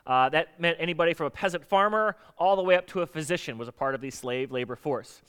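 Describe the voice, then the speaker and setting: A man's voice: fairly high pitch, fast, fairly bright tone, smooth. A middle-aged man, a pastor from the United States, preaching a conversational sermon and acting out quoted voices.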